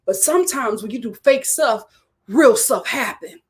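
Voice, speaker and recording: A woman hosting a reality TV review, recapping episodes in animated casual commentary. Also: fairly high pitch, moderate pace. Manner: animated storytelling with acted quotes and laughter.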